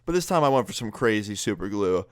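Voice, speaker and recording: A man's voice: on the low side, big pitch swings, quick pace, dry recording, clean studio sound. A young man recounting a prank story in a casual vlog, laid-back, swearing freely and laughing as he goes. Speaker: YouTuber.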